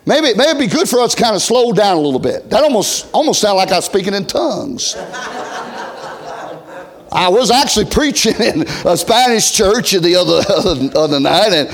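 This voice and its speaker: A middle-aged man preaching a revival sermon, folksy, swinging from loud shouts to hushed near-whispers. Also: high voice, lively intonation, moderate pace. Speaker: pastor.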